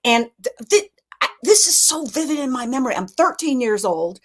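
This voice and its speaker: A woman with a Southern US accent, a humorist telling folksy stories in animated, casual chat. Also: fairly high pitch, brisk. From Alabama, USA.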